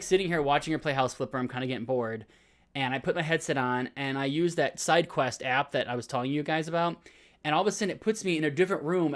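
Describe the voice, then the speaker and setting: Eager podcast co-host, slightly high voice, rushing excitedly through gaming stories. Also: male voice. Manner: excited, rambling, fast bursts. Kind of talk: casual chat.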